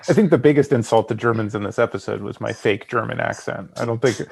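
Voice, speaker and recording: A man's voice: lowish voice, fast talker, creaky, a little mellow, slightly rough. A man guest-hosting a casual film podcast, making dry, joking asides. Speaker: guest co-host.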